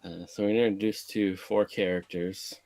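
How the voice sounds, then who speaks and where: A man co-hosting a casual movie podcast, recapping the plot in a laid-back, halting way with lots of uh and restarts. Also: sits low, flat delivery, darkish tone, no echo. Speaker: podcast co-host.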